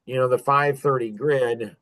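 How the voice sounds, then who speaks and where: A man in his fifties spins stories for a podcast, boastful and joking. He laughs often between his lines, and his voice sits at a middle pitch. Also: fairly even intonation, a little slow, a bit bright. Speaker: podcast guest. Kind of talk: casual storytelling.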